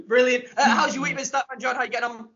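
A man's voice: very high-pitched, steady tone, fast talker, creaky, bright, forceful tone, slightly rough. A man hosting a comedy podcast, teasing his co-hosts in playful banter. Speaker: podcast host. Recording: dull lo-fi sound.

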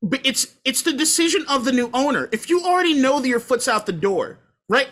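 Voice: high-pitched, lively intonation, brisk, fairly bright tone. A sports podcast host in casual talk, ranting in a heated, profane way and hammering points home by repeating them. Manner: emphatic repetition.

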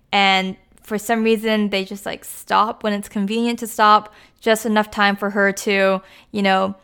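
A woman with a smooth, clear voice talks through a recap in an easygoing, chatty way. She leans on "like" and "you know" throughout. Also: medium pitch, a bit bright. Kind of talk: casual plot recap.

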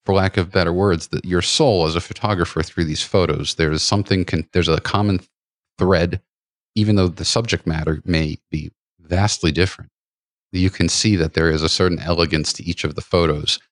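A man's voice: low-pitched, dry recording, studio quality. A man hosting a podcast, chatting casually with a guest in a rambling way full of restarts and fillers. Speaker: podcast host. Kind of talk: casual interview chat.

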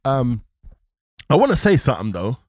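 A man's voice: medium pitch, moderate pace, dry recording, studio quality. A man, co-hosting a live-streamed podcast in casual, rambling chat full of slang. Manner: animated, rambling, London slang. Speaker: podcast co-host. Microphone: podcast microphone.

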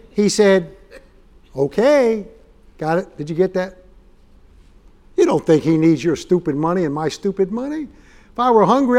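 High-voiced man preaching with humor. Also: dark tone. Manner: humorous, acts out quoted dialogue. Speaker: guest preacher. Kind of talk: storytelling sermon.

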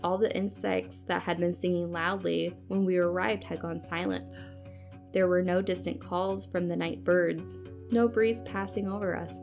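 A woman podcast host reading a spooky story aloud in a hushed, suspenseful way. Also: fairly low pitch, steady tone, moderate pace, creaky, soft background music.

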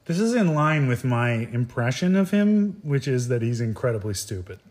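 A man co-hosting a casual podcast chat, with dry, deadpan sarcasm. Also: mid-range voice, normal speed. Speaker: podcast co-host. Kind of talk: casual chat about a reality show.

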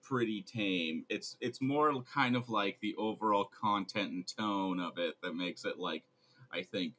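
A man's voice: fairly low pitch, a little slow, pushed and bright. A man co-hosting a podcast in casual chat, swearing casually and laughing a lot. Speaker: podcast co-host.

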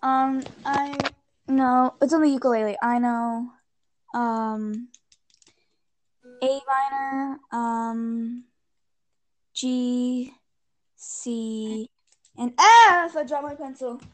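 A woman's voice: high voice, drawn-out words, pauses often, no echo, soft background music. A young woman co-hosting a casual podcast, rambling and distracted, swearing offhandedly as she fiddles with links. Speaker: podcast co-host. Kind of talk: casual chat.

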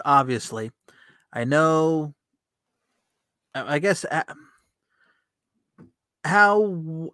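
A man's voice: fairly high pitch, expressive, drawn-out words, long pauses, pushed and bright, no echo. Man, interview host, casual chat, easygoing, encouraging, dry close sound. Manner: easygoing, encouraging, says "very cool".

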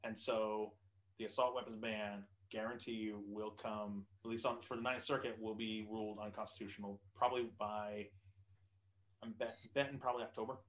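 A man's voice: lowish voice, level tone, moderate pace, rough recording. A man hosting a casual podcast chat, rambling and profane, with lots of ums and restarts. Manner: rambling, profane, with many fillers. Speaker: podcast host.

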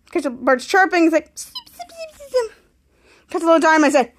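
A woman hosting a podcast, excitedly retelling a TV episode scene by scene and quoting the characters' lines. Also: high voice, a little fast. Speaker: podcast host. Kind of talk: casual episode recap.

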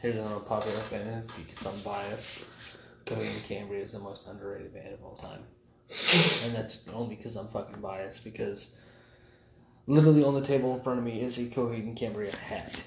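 A man's voice: fairly low pitch, little pitch movement, a little fast, vocal fry. A man co-hosting a podcast in casual banter, blunt and profane, telling stories. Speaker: podcast co-host. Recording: echoey room with faint noise.

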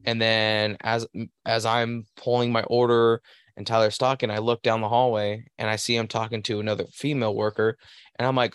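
A man's voice: lowish voice, level tone, moderate pace, fairly bright tone, clear, resonant tone, dry recording, studio quality. A young man on a podcast telling a rambling work story in a casual, profane way. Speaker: podcast host. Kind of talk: casual chat.

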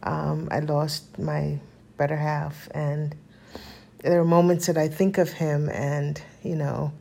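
A woman in her fifties vlogging in a casual, heartfelt way, earnest and spiritual, rambling with frequent pauses and fillers. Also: deep voice, flat delivery, creaky, warm tone. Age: 50s. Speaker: lifestyle vlogger.

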